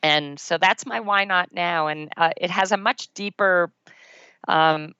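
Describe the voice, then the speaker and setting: A middle-aged woman with a low, smooth, resonant voice tells an earnest story from her own life as a podcast guest. She laughs at herself along the way. The recording is dry and a little dull, with a lo-fi edge. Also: unhurried, pushed and bright, no echo. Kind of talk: personal storytelling in an interview.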